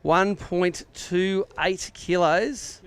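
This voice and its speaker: A man's voice: sits high, steady tone, very slow, fairly bright tone, clean tone. An Australian man emceeing a live fishing weigh-in outdoors by a lake, with jokey, upbeat banter. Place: outdoor lakeside weigh-in stage.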